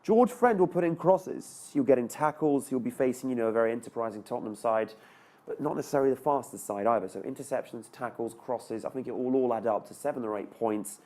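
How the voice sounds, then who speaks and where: A man's voice: medium pitch, fast, warm tone. A man on a sports panel, chatty and self-mocking as he explains his fantasy football picks. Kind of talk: casual sports chat.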